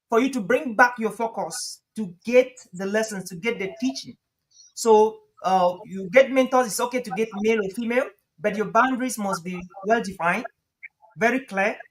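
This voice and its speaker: A man talking as a guest coach on a live stream, lively and emphatic, often laughing and repeating phrases for emphasis. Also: very high voice, poor audio. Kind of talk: conversational advice on a live stream.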